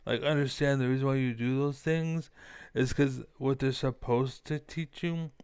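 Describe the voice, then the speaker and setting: A man's voice: mid-range voice, fairly even intonation, normal speed, darkish tone, clean tone, no room sound. A man streaming a heated, profane reaction rant, talking back to a clip. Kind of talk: ranting reaction commentary.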